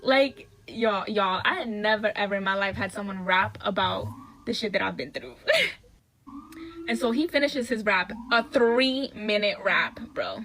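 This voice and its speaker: A woman's voice: medium pitch, unhurried, a bit bright, a little hiss or hum, rough recording. A young woman bluntly recounting a bad date in a casual, profane storytime. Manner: blunt, profane, exasperated retelling. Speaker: storyteller in a viral video.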